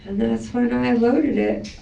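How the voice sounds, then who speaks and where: A woman's voice: a little high, measured pace, vocal fry, mellow, far from the mic, lo-fi sound, slight background noise. Woman venting in a police interview. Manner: rambling, defensive venting. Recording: echoey room, voice from afar.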